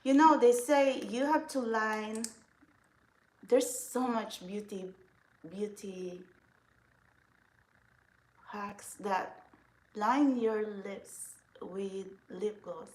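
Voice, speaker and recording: A woman's voice: mid-range voice, drawn-out words, pauses often, darkish tone. A woman chatting casually through a makeup vlog, rambling and giggling often as she talks. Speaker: vlogger. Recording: echoey room.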